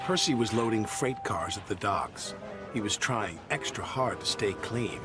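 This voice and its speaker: A man narrating a children's story with an animated, scripted delivery. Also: lowish voice, moderate pace. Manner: lively, animated telling. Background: background music.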